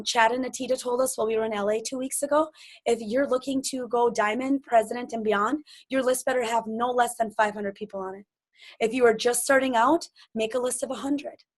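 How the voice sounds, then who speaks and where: A woman giving a motivational sales training, energetic and acting out sample conversations in lively voices. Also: fairly high pitch. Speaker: business trainer.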